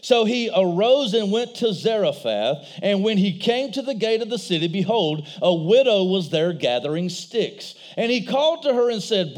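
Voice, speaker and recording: A middle-aged man preaching a sermon in a church, telling stories with animated voices. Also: high voice, measured pace. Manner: animated storytelling, acts out voices. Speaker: pastor.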